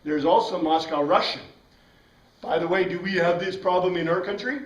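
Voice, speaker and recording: Man, bible class lecture, slightly high voice, roomy echo, mic set back. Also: normal speed. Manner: animated, asks the class questions, frequent "right?". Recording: echoey room, from a distance.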